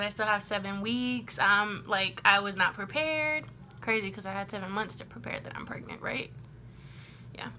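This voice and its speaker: A young woman from Texas telling a storytime to her camera in a chatty, animated way, full of "like" and acted-out quotes. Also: medium pitch, slight background noise. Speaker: vlogger. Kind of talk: casual storytime.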